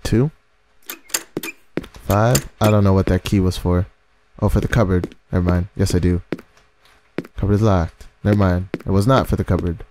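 A man's voice: low-pitched, steady tone, normal speed, long pauses, noisy background. A man giving nervous horror game commentary, talking to the game's ghost as he plays. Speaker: gaming video creator.

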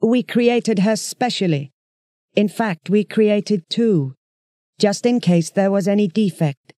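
A reader voicing a soft-voiced ancient rat-like alien ruler who speaks slowly and coldly in a storybook audiobook. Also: mid-range voice, dry recording, studio quality, voice pushed up, natural voice. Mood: coldly calm. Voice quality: soft, cottony voice. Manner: slow, measured, menacing.

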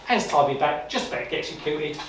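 A man giving an informal talk at an exhibition, telling stories in a chatty, animated way with repetitions and asides. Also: on the high side, quick pace. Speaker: guest speaker on wartime history. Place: exhibition room. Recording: echoey room from far off, noisy.

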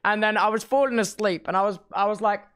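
A man's voice: sits high, fairly even intonation, quick pace, fairly bright tone, smooth. A young man streaming a few hours after surgery, groggy and talking a little thickly, rambling in slang with many restarts. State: groggy after surgery, speech slightly impaired. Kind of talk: casual chat reading viewer messages.

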